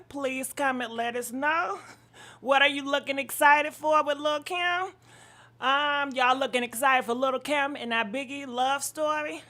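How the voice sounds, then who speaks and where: A high-pitched woman runs a casual live-stream gossip chat. She sounds a little out of breath and swears freely. Her voice is bright and forward, and she greets commenters by name as she goes.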